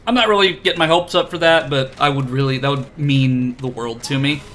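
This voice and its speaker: Bright-voiced rambling male game streamer. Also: mid-range voice, fairly quick. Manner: rambling, self-deprecating, lots of fillers. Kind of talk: casual chat while playing.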